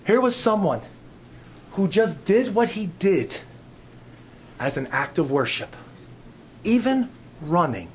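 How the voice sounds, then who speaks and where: A middle-aged male pastor preaching with a fairly high voice, rising to loud emphatic peaks and dropping to soft, low asides. He tells stories in a sermon style. A faint hiss of noise sits behind him. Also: sing-song, measured pace, long pauses.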